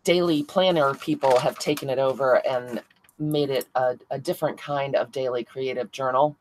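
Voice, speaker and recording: On her crafting livestream, a woman speaks at normal speed in an extremely low, steady, darkish voice. She laughs and chats casually, responding to viewers' comments by name, though the audio is poor.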